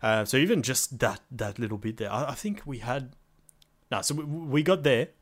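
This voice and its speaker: A man's voice: mid-range voice, normal speed. A man, talking casually on a podcast about starting a game together. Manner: relaxed, loose, trailing restarts. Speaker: podcast co-host. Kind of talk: casual chat.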